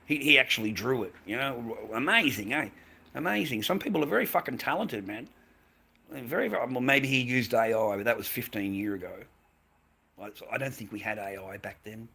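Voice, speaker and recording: A man's voice: medium pitch, expressive, brisk, vocal fry, pushed and bright, slightly rough. An Australian man, a mask maker, ranting and rambling on a live stream at home, swearing constantly and laughing often. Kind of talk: casual live-stream rant.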